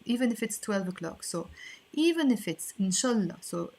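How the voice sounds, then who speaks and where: A woman teaching an online lesson, explaining patiently and repeating phrases slowly. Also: mid-range voice, sing-song, darkish tone. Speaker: language teacher.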